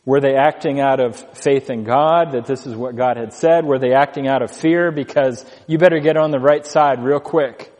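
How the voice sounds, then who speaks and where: A man preaching an expository sermon, reading scripture slowly and stressing key words with deliberate pauses. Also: medium pitch, darkish tone, in a large hall. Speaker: pastor.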